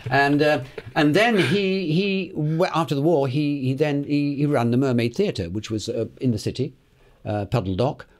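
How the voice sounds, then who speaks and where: A British actor around eighty, telling lively stories in an interview, chuckling and acting out the other people's voices. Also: male voice, a little high, moderate pace. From Britain. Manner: lively raconteur, acts out the voices in his anecdotes, chuckling, repeats words. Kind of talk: anecdotal interview storytelling.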